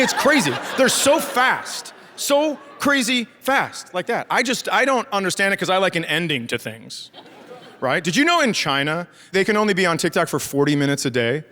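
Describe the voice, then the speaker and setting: Performing a profane, sardonic set to a live theater crowd, a middle-aged Midwestern comedian acts out the people in his stories. His voice is high-pitched, bright and forceful, with big pitch swings and a slightly fast pace. The stage mic picks up continuous audience laughter.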